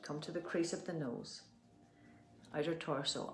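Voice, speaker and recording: A woman with an Irish accent leading a guided tapping session, giving gentle instructions and slow, soothing affirmations. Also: low-pitched, fairly even intonation, soft background music. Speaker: tapping practitioner. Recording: roomy echo.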